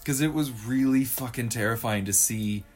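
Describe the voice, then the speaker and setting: A man co-hosting a relaxed movie chat. He talks in a mid-range voice, loose and profane, and keeps joking. Faint music plays under him. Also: mid-range voice, moderate pace. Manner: loose, profane, jokey, acts out quotes in silly voices. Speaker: podcast co-host. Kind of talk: casual chat about movies.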